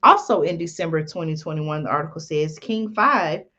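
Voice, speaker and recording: A woman's voice: low-pitched, expressive, moderate pace, bright, forceful tone, highs cut off. A woman host reading from an article and adding folksy comments, with many ums and "y'all". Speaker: channel host.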